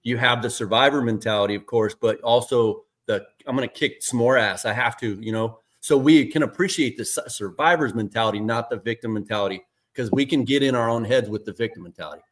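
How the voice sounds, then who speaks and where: A man co-hosts the conversation in a calm, reflective way. His voice sits at an ordinary middle pitch. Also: a little fast, hardly any pauses. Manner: calm, reflective, backchannels often. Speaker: co-host. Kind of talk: casual interview chat.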